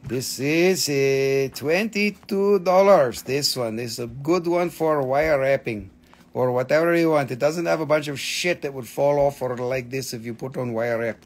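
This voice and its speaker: A man hosting a live crystal sale on his phone, excitable and chatty, swearing casually and laughing often. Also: medium pitch, normal speed. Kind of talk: live-stream sales chat.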